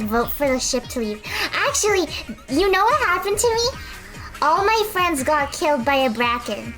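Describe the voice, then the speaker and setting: A woman's voice: high-pitched, a bit bright. A woman streamer chatting casually while she paints, rambling and self-deprecating.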